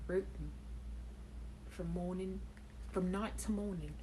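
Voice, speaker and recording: Woman, casual live chat host, animated, lowish voice, faint background noise. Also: slow. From Caribbean. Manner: animated, reads out viewer comments and laughs.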